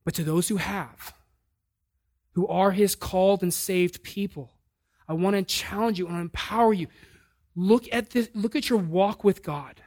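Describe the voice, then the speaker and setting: Man preaching with animated emphasis. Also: high voice, a little slow. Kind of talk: sermon.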